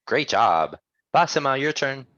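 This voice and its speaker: A man teaching English pronunciation in an online class, drilling words slowly and patiently. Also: medium pitch, sing-song, pushed and bright, no echo, muffled recording.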